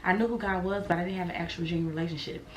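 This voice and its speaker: A woman's voice: lowish voice, steady tone, racing. Earnest young woman in an echoey room. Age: 20s. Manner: earnest, reflective, talks straight to viewers. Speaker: vlogger. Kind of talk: candid sit-down vlog confession. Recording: roomy echo, faint noise.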